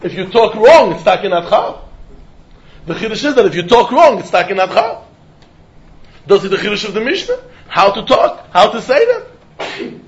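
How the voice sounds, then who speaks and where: A man teaching a Talmud lesson, mixing English with Yiddish and Hebrew terms in an animated, sing-song line of reasoning. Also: high-pitched, moderate pace, long pauses. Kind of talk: Talmud study lecture. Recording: dull lo-fi recording.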